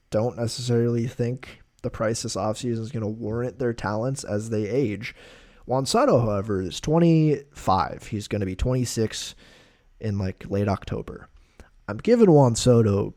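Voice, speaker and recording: A man hosting a solo sports podcast, talking casually in an opinionated, animated way with loose fillers. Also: medium pitch. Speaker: podcast host.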